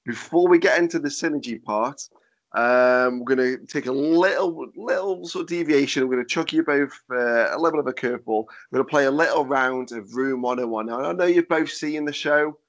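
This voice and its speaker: A man's voice: medium pitch, brisk, muffled recording. A man hosting a casual chat, moving the show along in a cheeky way. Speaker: host.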